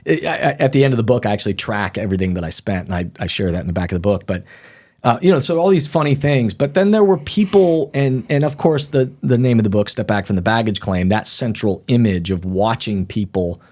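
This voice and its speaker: Man, middle-aged, low voice, animated storyteller, casual interview guest. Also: brisk. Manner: animated storyteller, acts out quoted people. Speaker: author and guest.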